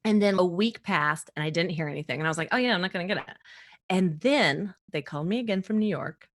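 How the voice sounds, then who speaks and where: Guesting on a podcast, a US East Coast comedienne with a lowish voice tells a story at a quick pace in a casual interview. She keeps things lively, laughing a lot and mimicking the people she quotes.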